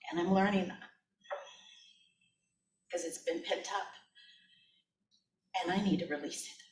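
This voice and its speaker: A woman's voice: on the low side, slight background noise. Tearful woman sharing, roomy hall. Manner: shaky, tearful, halting with nervous laughs. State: crying. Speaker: congregant sharing. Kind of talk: emotional testimony in a church service. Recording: roomy hall, mic at a distance.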